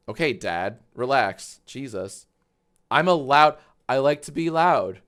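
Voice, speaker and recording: A man hosting a live stream, chatting casually and loudly, swearing, laughing and getting excited in bursts. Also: moderate pace. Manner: excitable, loud, swears, laughs often, big swings in pitch and volume. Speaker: livestream host. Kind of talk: casual livestream chat.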